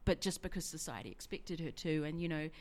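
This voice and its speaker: A woman's voice: sits low, lively intonation, a little fast, a little mellow. A woman co-hosting a book chat show, talking chattily with frequent laughs and restarts. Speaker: book show host, bookshop owner. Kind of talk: casual radio chat.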